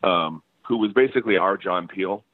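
A man with a very low voice tells loose, laughing stories as the guest musician, circling back and restarting his sentences. He comes through a dry, narrow, phone-like line. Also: moderate pace, no room sound. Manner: rambling, laughing storyteller with many restarts. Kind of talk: casual interview chat.

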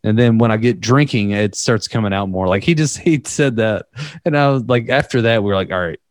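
A man's voice: on the low side, fairly quick, no room sound. A young man chatting casually, rambling through a story, often laughing and acting out the quotes. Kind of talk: casual podcast chat.

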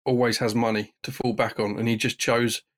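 A man's voice: mid-range voice, little pitch movement, brisk. A man in casual podcast chat about films who rambles and gropes for names. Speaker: podcast co-host.

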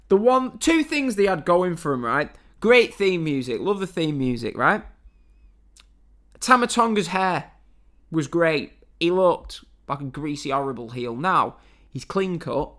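A man's voice: mid-range voice, gravelly, fairly bright tone. A man from England giving a blunt, chatty review of wrestling matches, with lots of fillers and some swearing. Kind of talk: casual spoken review.

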